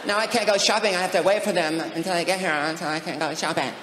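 A man's voice: high voice, fairly even intonation, fast, a crowd in the background, pitched above the performer's own voice, lightly acted. A comedian putting on the whining voice of a teenage daughter stuck waiting for her friends. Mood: whiny. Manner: whining, sing-song. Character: whiny teenage girl fretting at the mall. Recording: echoey hall, audience noise.

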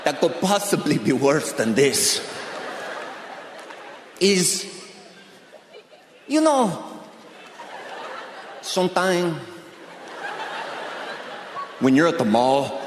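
A man putting on the voice of a trapped male miner, talking in a slow, mock-serious, gloomy drawl on a roomy stage. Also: a little high, very animated, noisy background, heavily acted. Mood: mock gloom. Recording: roomy stage with crowd ambience.

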